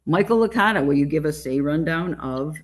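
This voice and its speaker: A woman's voice: deep voice, expressive, fairly quick. A woman running a club meeting, introducing each person in turn. She talks in a chatty way, with a few small hesitations. Her delivery is informal and conversational. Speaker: meeting chair.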